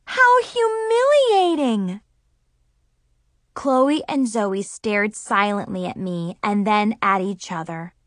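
A woman narrating a first-person children's story with expressive, dramatic exclamations. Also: medium pitch, slow, hardly any pauses, no room sound, studio quality. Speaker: audiobook narrator.

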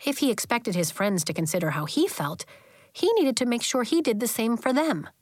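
Gentle woman reading a children's book. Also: a little high, normal speed, no room sound, clean studio sound. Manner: gentle, even storytelling with voiced characters. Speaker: audiobook narrator. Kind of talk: audiobook reading of a children's novel.

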